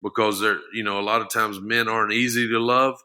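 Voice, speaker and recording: Middle-aged guy, ex football player on a podcast, low-ish, super bright forceful tone, earnest, keeps repeating himself. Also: flat delivery, fairly quick, smooth. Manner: earnest, repeats and restarts words often. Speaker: podcast guest, former football lineman. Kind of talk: casual interview talk.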